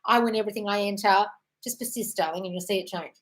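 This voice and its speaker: A woman's voice: mid-range voice, low-quality recording. A woman hosting a casual live Q&A from home, talking bluntly and swearing freely as she reads and answers viewer questions. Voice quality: blunt, sweary, fast-moving. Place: home, dog nearby.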